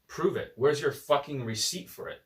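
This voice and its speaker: A man's voice: on the high side, lively intonation, moderate pace, echoey room, recorded from a distance. A man giving a blunt, profane, combative unscripted rant to camera as a dating coach, recorded on his phone.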